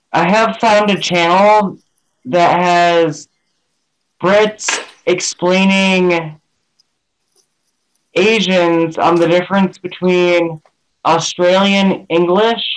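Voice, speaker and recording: Rambling high-voiced man. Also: poor audio. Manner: rambling, hedging with ums. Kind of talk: casual chat on a group stream.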